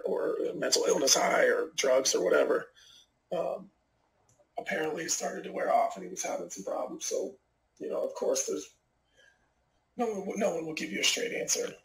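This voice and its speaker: In a casual interview recorded in an echoey room, a middle-aged professional fighter rambles through a personal story full of fillers. His voice is creaky and pitched fairly high.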